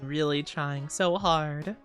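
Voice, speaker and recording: A woman's voice: deep voice, slow pace, faint music behind. A young woman streamer chatting casually with her viewers, rambling and giggling often.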